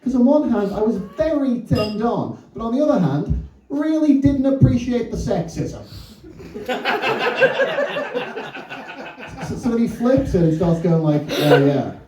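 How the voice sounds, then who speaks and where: Crude, lively stand-up comedian, man. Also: very high voice, reverberant, distant mic, rough recording. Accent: English. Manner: crude, self-deprecating, quick asides. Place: comedy club bar, audience laughing.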